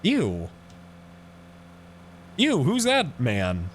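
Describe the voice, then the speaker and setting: Man, streamer, in-character roleplay, excitable, swearing, lively swooping pitch. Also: very slow, slight background noise. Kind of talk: casual in-character roleplay chat.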